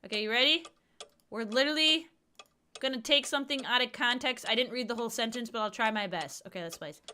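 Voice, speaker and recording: A young woman with a fairly high, quick, bright, and forceful voice streams a point-and-click game, with a slight hiss or hum in the audio. She chats casually with her viewers, exclaims at the puzzles, and keeps talking to chat in a lively, exclamatory way.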